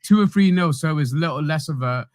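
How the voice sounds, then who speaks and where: A man's voice: fairly high pitch, fast talker, no room sound, clean studio sound. A man on a football fan video call who keeps restarting his point and laughs things off. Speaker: panelist on a fan show. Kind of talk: casual chat.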